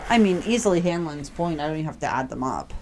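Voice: medium pitch, expressive, fast talker. A co-host chatting casually about beers, giving dry, offhand replies. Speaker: podcast co-host. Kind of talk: casual beer-tasting chat.

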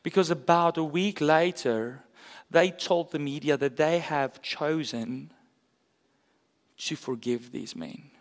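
A man's voice: a little high, slow pace. Man preaching in a reverberant hall. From South Africa. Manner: earnest and conversational, with casual asides. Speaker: pastor. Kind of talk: sermon.

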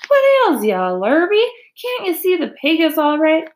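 A woman reading aloud, voicing an excitable male farmer who hollers in a raised voice. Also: a little slow, creaky. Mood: exasperated. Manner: hollering, high and loud.

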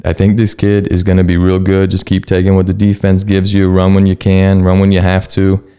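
Low, flat-voiced excitable sports podcaster man. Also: brisk, clean tone. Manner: excitable, casual, swears, says man a lot. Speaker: podcast host. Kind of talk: solo sports podcast monologue.

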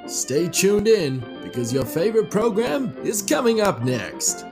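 A man putting on a slow old-time radio announcer. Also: high-pitched, very animated, voice pushed up, exaggerated voice. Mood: grandiose. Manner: drawn-out, sing-song delivery. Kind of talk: retro radio ident. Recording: announcement over music. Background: guitar and fiddle music.

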